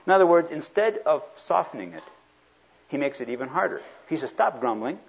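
A male preacher giving a sermon, lively and acting out the people he quotes. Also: on the high side, fairly quick, a little hiss or hum. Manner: animated, acts out quoted speakers. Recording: dull lo-fi recording.

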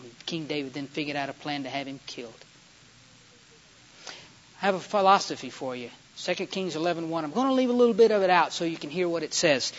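Male preacher, high voice, folksy and emphatic, muffled recording. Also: a bit bright, a little hiss or hum. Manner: folksy storytelling, building to emphatic climaxes. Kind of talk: sermon. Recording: dull lo-fi sound.

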